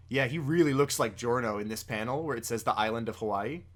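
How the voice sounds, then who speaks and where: Brief: joking male podcast host, mid-pitched, casual. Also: fast, hardly any pauses, fairly bright tone. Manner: joking, laughs often. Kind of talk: casual chat, reading a comic aloud.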